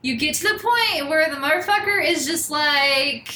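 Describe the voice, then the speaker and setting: A woman co-hosting a podcast, telling a game's story in animated, profane bursts and voicing the characters as she goes. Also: sits high, moderate pace. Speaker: podcast co-host. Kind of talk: casual chat recapping a game. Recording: echoey room with faint hiss.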